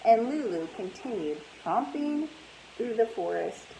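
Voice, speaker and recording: A woman, a teacher, reading a storybook aloud in an animated way and asking her listeners questions. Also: a little high, measured pace, creaky, a little hiss or hum, poor audio.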